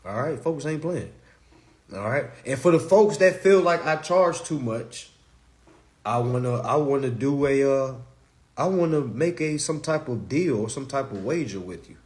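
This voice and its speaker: Animated, profane man ranting on a live stream. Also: medium pitch, normal speed. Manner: blunt, profane, animated, with rhetorical questions. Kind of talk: casual live stream rant.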